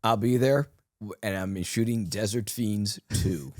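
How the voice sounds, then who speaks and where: Low-voiced male co-host, rambling storyteller with lots of restarts, dry sound. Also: unhurried, no echo. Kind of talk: casual chat.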